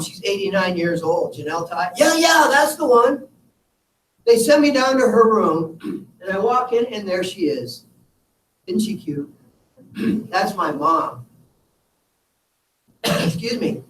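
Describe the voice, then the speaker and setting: Energetic man speaking in an echoey hall. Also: high-pitched. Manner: energetic, storytelling, addresses audience directly. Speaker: motivational speaker. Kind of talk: live keynote talk with slides. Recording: echoey hall from far off with faint room noise.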